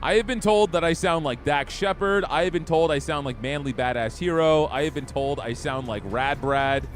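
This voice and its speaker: A man's voice: a little high, normal speed, soft background music. A young man streaming a game, chatting casually and easygoing with his viewers. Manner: easygoing, chatty, talks to chat. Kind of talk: casual gameplay chat.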